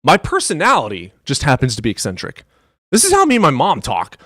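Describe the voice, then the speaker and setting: Animated, foul-mouthed streamer guy. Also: a little fast, dry recording, clean studio sound. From US Midwest. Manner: profane, animated, swings between loud outbursts and low mutters. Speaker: live streamer. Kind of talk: casual livestream chat.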